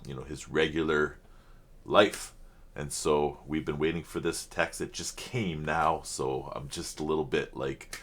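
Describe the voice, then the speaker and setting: Very deep-voiced man, rambling and earnest. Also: a bit bright. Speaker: reaction video host. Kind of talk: casual reaction commentary. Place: home computer setup.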